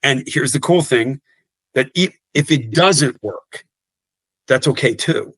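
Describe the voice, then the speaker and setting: A man's voice: mid-range voice, lively intonation, takes it slowly, fairly bright tone, husky, no room sound. A man in his fifties talking earnestly in an interview, often repeating words and restarting sentences. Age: 50s. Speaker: guest coach. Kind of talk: podcast interview.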